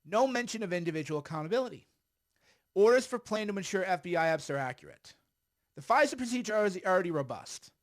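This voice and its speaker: A middle-aged man delivers livestreamed political commentary in a blunt, emphatic way. His voice sits fairly high for a man. He pauses to puff on a cigar as he talks. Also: lively intonation.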